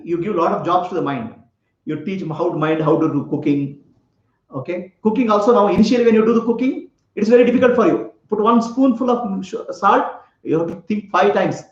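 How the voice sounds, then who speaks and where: In an echoey room captured with slightly dull lo-fi sound, a spiritual teacher gives a talk. His high voice is animated and brisk as he tells a parable, questions his listeners, and often breaks into laughter.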